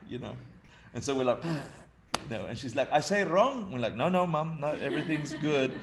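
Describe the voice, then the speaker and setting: A man in his fifties from Argentina giving a humorous dharma talk, telling family stories with frequent laughter. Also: mid-range voice. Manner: laughing, storytelling, chatty. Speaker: dharma teacher.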